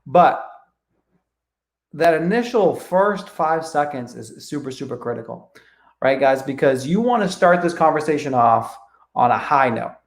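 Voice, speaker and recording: A man with a high voice runs a live training, talking energetically and swearing freely. He acts out both sides of sales calls as he coaches. The sound is roomy and echoey. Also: expressive, a little slow. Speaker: real estate coach.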